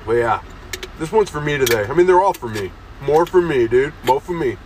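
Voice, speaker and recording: Standing outdoors in a town beside parked cars, a young man rants crudely for his comedy podcast, throwing in "dude" constantly. His mid-range voice is brisk with lively intonation and a darkish tone. A phone held to his face records him, catching faint street noise.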